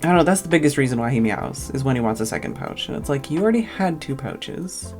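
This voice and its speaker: A woman's voice: very deep voice, very fast, a little mellow, faint music behind. A tired woman streamer telling a long, casual story, rambling and full of "like" fillers.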